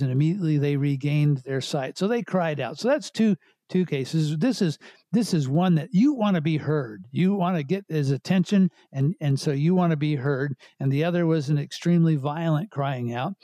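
A man giving a verse-by-verse Bible teaching, explaining passages in an unhurried way with frequent restarts. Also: fairly high pitch, dark tone, dry recording.

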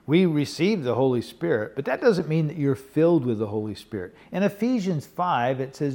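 A man's voice: fairly high pitch, very animated, moderate pace, few pauses, mellow. Earnest older male preacher. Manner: earnest, conversational preaching with frequent "okay?" and "you know". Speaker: pastor. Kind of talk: sermon.

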